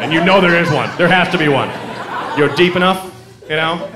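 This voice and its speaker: A man from Oregon doing an animated, profane stand-up set on a club stage. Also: high-pitched, brisk. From Oregon, USA. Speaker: stand-up comedian. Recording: echoey club, loud crowd noise.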